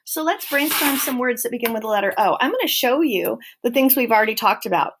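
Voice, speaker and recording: A woman teaching a phonics lesson to young children, speaking slowly and clearly and stretching out sounds in an encouraging way. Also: a little high, animated, background noise.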